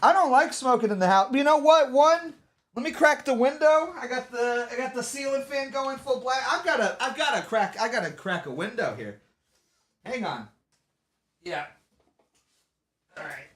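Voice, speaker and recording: A man talking to his stream audience in a loose, rambling way. He stumbles into restarts and repeats phrases as he goes. His voice swings lively up and down in pitch. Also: normal speed, long pauses. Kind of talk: casual livestream commentary.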